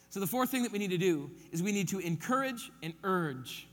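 High-voiced man preaching in a reverberant church. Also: animated, fairly quick, hardly any pauses, a bit bright, soft background music. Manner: emphatic, repeats key points, counts them off. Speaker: pastor. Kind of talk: sermon.

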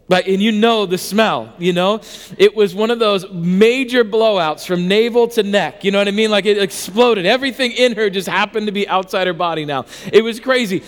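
High-voiced pastor in a reverberant hall. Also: male voice. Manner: self-mocking storyteller, animated and conversational with frequent restarts. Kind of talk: sermon with a comic personal story.

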